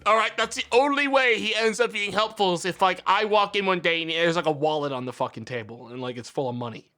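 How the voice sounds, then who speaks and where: A man talks to his livestream viewers in a high, sharp voice, ranting hard and swearing freely. His complaints build into heated tirades while soft music plays faintly behind him. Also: fast talker. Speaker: streamer. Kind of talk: casual livestream chat.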